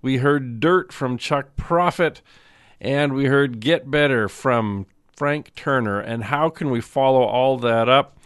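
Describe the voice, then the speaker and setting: A man's voice: mid-range voice, takes it slowly, clean tone, no room sound. A man working as a radio DJ, chatting casually between songs in a rambling, joking way with loose fillers, speaking from a radio studio.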